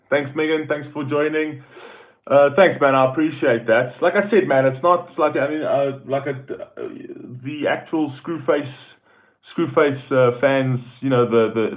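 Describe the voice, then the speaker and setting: Tinny-sounding South African man chatting live. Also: mid-range voice. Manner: chatty, greets viewers by name, says "man" often. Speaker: YouTube host reading live chat. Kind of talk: casual live-stream chat. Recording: tinny phone-like audio.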